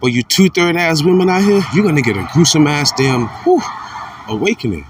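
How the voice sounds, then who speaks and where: A man's voice: sing-song, a little fast, far from the mic, noisy background. Blunt, fired-up preaching man. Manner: blunt, profane, repeats himself, swings from fired-up to low and muttered. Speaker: religious commentator. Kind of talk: informal preaching monologue.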